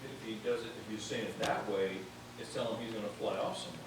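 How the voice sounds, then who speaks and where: A man joining in a Bible class discussion with quick remarks. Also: fairly low pitch, steady tone, recorded from a distance. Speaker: class participant. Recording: echoey room, off-mic, audience noise.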